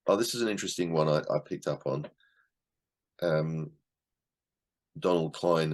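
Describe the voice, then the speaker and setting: A middle-aged man leading an online class discussion of a book, in a conversational way, repeating words and acting out short quotes. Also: rumbling low. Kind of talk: casual teaching talk to an online class.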